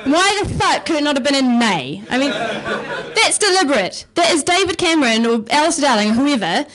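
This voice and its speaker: A woman's voice: high voice, sing-song, moderate pace, a crowd in the background. A young woman with a New Zealand accent doing a stand-up comedy set, wry and sarcastic, swearing casually. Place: comedy club stage.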